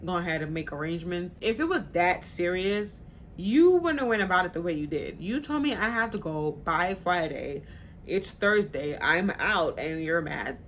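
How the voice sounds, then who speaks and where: A woman's voice: fairly low pitch, fairly bright tone, a little hiss or hum. A woman vlogger telling a personal story in casual, slangy talk. She swears freely and acts out the people she quotes.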